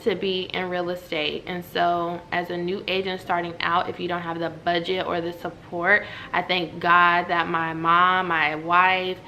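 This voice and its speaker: A woman, telling a story to her viewers at home in a lively, chatty way. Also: lowish voice, measured pace, few pauses, a little hiss or hum. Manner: animated, chatty, talks straight to viewers. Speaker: vlogger. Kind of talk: casual storytelling to camera. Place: at home indoors.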